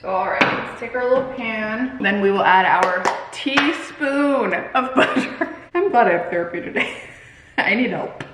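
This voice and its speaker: A woman's voice: mid-range voice, expressive, moderate pace, echoey room, background noise. A woman in her thirties chatting casually in her home kitchen while she cooks, giggly and dramatic. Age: 30s. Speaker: vlogger. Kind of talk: casual chat.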